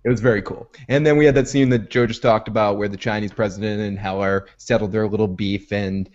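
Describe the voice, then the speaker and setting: A man hosting a casual TV recap, telling the story with energy and slipping into quick voices for the characters. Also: on the low side. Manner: animated, acts out scenes in quick put-on voices. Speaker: show host. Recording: dull lo-fi recording.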